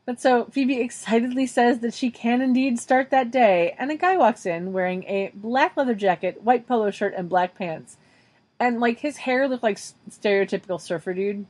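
A woman's voice: on the high side, moderate pace. A woman co-hosting a podcast, recapping a TV episode scene by scene in casual chat. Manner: animated, narrates episode scenes in detail. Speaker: podcast co-host.

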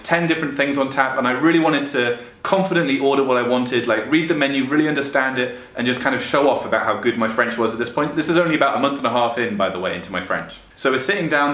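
A man's voice: mid-range voice, a bit bright. Chatty young man in an echoey room. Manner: chatty, laughs often at what he reads. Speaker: vlogger. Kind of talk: casual chat, reading stories aloud.

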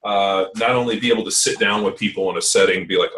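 A man's voice: on the low side, steady tone, fast, few pauses, a bit bright, roomy sound, recorded from a distance, rough recording. A man hosting a podcast in casual chat, rambling and swearing freely, with lots of fillers. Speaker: podcast host.

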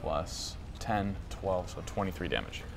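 A man's voice: sits low, a little slow, creaky, noisy background. A man playing a tabletop game, matter-of-factly calling out his rolls. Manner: matter-of-fact, counting dice rolls. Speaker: player. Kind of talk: casual chat at a game table.

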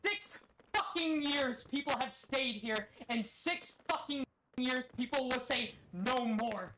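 A woman's voice: sits high, expressive, slow pace, fairly bright tone. A woman giving a rousing, defiant in-character speech over voice chat, swearing freely as she rallies the others. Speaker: roleplay server player giving a speech. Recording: noisy voice chat feed.

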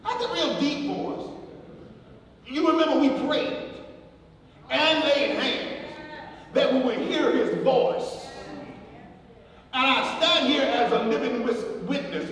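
A man, a pastor, preaching a eulogy sermon with animated storytelling and repetitions, recorded from a distance in a church sanctuary before a congregation. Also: very high-pitched, slow, long pauses. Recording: echoey church hall recorded from far off, crowd audible.

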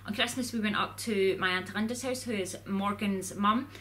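A woman's voice: mid-range voice, normal speed, fairly bright tone, a little hiss or hum. A woman vlogger chatting casually to camera in a rambling way, full of "like"s.

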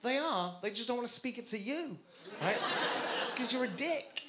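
A man's voice: very high voice, expressive, a little fast, very noisy. A man from Belgium doing stand-up comedy in a rambling, conversational, self-mocking way.

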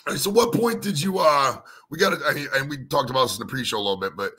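A man's voice: medium pitch, fast talker, pushed and bright, breathy edge. A man hosting a casual interview, asking loose, rambling questions full of fillers. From United States. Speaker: podcast host.

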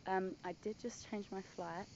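A young woman chatting excitedly in a casual travel vlog outdoors at a villa, gushing and full of "like". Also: mid-range voice, moderate pace, lo-fi sound, background noise. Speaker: vlogger.

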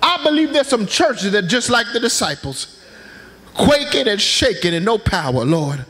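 A man's voice: sits high, very animated, moderate pace, a bit bright, husky. A man preaching a passionate sermon in a church, tossing out call-and-response asides to the congregation. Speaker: pastor. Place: church sanctuary.

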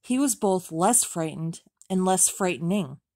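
A woman reading a memoir aloud as an audiobook, in a measured, steady way with even pauses. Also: fairly low pitch, no room sound. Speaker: audiobook reader.

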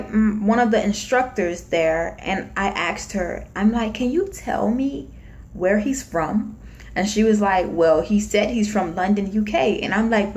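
A young woman from Florida tells a personal story straight to her viewers in an easy, conversational vlog voice. She sits at a mid pitch and slips into quick, lively impressions of what others said. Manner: chatty, animated retelling with acted-out quotes. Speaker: vlogger. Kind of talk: casual storytime.

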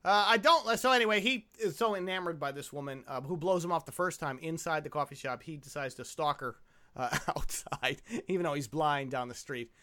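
A man's voice: on the high side, fairly quick, sharp tone. A man co-hosting a comedy movie podcast, riffing sarcastically and cursing freely. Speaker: podcast co-host. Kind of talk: casual comedic movie commentary.

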